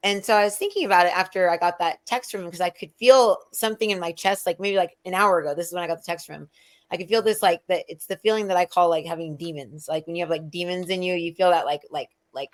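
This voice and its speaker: A woman's voice: lowish voice, fairly even intonation, quick pace. A middle-aged woman hosting a casual spiritual chat, rambling with many fillers and restarts. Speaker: show host.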